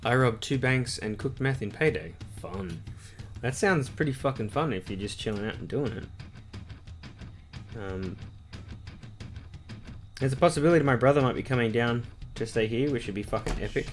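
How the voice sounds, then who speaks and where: A man's voice: medium pitch, animated, normal speed, pauses often, soft background music. A man chatting casually on a livestream while painting a model, loose and sweary, reading chat messages aloud and answering them.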